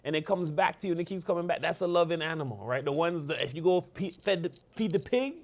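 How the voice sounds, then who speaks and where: Man, church Bible study teacher, animated and conversational, talks to the group as he goes. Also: on the high side, quick pace, hardly any pauses. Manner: animated, conversational, asks "all right?" often.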